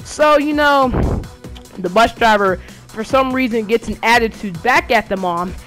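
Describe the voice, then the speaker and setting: A woman's voice: on the high side, measured pace, fairly bright tone. A teenage girl tells a long story, full of false starts and filler words. She talks in a loose, casual way, as if chatting to her viewers from home, and faint music plays behind her. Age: teens. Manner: rambling, many restarts and fillers. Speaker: student vlogger. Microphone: game console headset.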